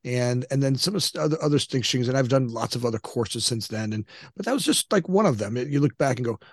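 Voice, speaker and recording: A man in his fifties talks as an interview guest, wandering through his story with frequent restarts and fillers. His voice sits at an ordinary middle pitch, and the recording is close and dry. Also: expressive, quick pace, dry recording. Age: 50s. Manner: rambling, many restarts and "you know"s. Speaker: guest entrepreneur.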